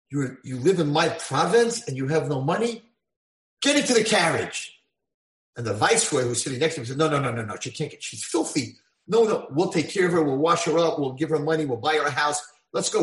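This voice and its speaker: Animated storytelling man in an echoey room. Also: mid-range voice. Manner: animated, acts out voices in dialogue. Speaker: rabbi lecturer. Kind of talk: storytelling Torah lecture.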